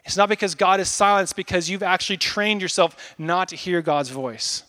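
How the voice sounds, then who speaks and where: A man in his thirties preaching a casual, animated sermon, acting out little asides as he goes. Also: high voice, moderate pace. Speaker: pastor.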